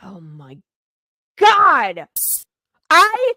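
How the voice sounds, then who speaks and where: A woman's voice: extremely high pitch, wildly swooping pitch, very slow, bright, forceful tone. Brash teasing woman host. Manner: brash and teasing, laughing often. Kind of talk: comedic podcast banter.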